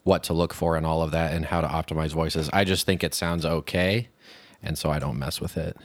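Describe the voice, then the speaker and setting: Man, very low voice, dry close sound, podcast co-host, casual questioning chat. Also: fairly even intonation, a little fast, dry recording. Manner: asks questions and talks things through casually. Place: podcast setup with mixer, indoors. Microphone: podcast mic with headphones.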